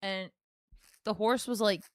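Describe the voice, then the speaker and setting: A woman co-hosting a podcast, reacting with quick dry quips and telling a short story in casual chat. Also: medium pitch, no echo. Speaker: podcast co-host.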